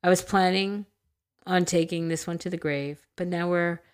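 A woman with a low-pitched voice reads a listener's story aloud on a casual podcast. She keeps it loose and animated, tossing in crude jokes and laughing as she goes. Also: normal speed, clear, resonant tone. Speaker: podcast co-host reading listener stories.

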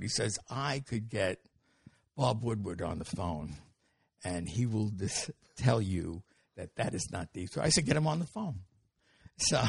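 An older man telling stories as an interview guest, animated and acting out the dialogue with quick restarts. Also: on the low side, vocal fry, slightly rough, no room sound, clean studio sound. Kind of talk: anecdotal storytelling.

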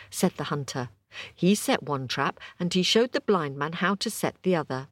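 A woman telling a folk tale aloud to listeners, with expressive, rhythmic repeated phrases. Her voice is on the low side yet rises and falls a lot. The recording is dry and close. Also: normal speed, no room sound. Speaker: storyteller. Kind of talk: oral storytelling to an audience.

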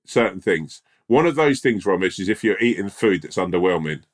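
A man co-hosting a podcast, telling stories in an animated, emphatic, sweary way in casual chat. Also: sits low, brisk. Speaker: podcast co-host.

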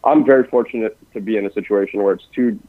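A man who works in investments at a family office, talking quickly and densely in a podcast conversation, with frequent restarts. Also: lowish voice, no echo. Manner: rapid-fire, dense talker with many restarts. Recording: dry, phone-like lo-fi sound.

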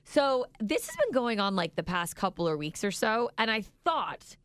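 A woman in her thirties co-hosting a radio show, telling a family story in an animated way and acting out the lines she quotes. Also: fairly high pitch, normal speed, no room sound. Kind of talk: casual storytelling chat.

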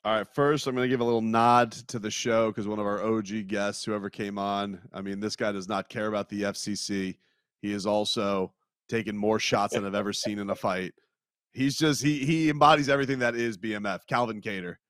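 Male co-host, low voice with a sharp edge, dry close sound, teasing. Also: fairly even intonation, a little fast, smooth, no echo. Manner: teasing, jumps up in pitch when ribbing others. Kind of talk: casual sports radio banter.

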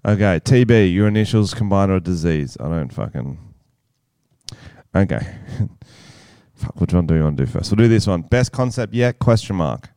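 A laid-back man co-hosts a podcast, swearing freely and trailing off mid-thought. His voice sits low and sounds smooth and clear. The room is dry and close. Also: expressive, normal speed, mellow, no echo. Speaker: podcast co-host. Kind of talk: casual, sweary banter.

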